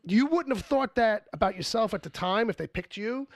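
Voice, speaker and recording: A man's voice: sits high, moderate pace, dry recording, studio quality. A man hosting a podcast, rambling in casual chat and full of fillers. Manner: animated, filler-heavy rambling. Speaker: podcast host.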